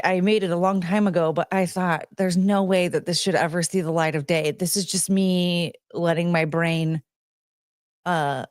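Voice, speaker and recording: A woman streamer in casual chat, greeting viewers by name and rambling with giggles, fillers and restarts, jumping between high excited greetings and low mumbled asides. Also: no echo, clean studio sound. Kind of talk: casual chat reading out chat names.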